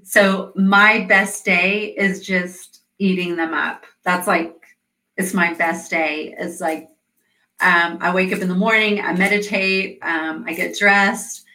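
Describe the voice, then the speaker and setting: A middle-aged woman coach, appearing as a guest over a call, tells stories earnestly in a conversational interview, using many fillers. Her voice sits on the low side, bright and forceful, picked up by a distant mic with a roomy echo.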